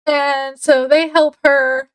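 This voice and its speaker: A woman's voice: high voice, level tone, takes it slowly, rough recording. A woman giving a casual, chatty book review, rambling a bit with fillers as she retells the plot.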